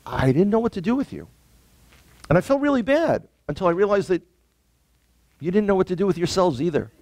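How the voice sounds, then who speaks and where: A man with a New York accent chats as a guest, his voice swinging widely in pitch as he jokes. The sound is dry and close, over a video call. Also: a little fast, no room sound. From the Bronx, New York. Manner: animated, joking asides. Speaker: guest, tour guide. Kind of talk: casual conversation.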